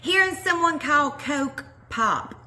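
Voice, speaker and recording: A woman with a bright, forward tone chats along as co-host, agreeable and easygoing. Her pitch swings widely as she reads items aloud. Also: lively intonation, slow pace, a little hiss or hum. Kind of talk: casual comedic chat.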